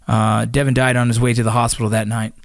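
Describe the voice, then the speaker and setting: A man's voice: mid-range voice, flat delivery, fast, no room sound, studio quality. A man in his thirties, an army veteran, telling a personal story in a casual, profane way with many fillers and restarts.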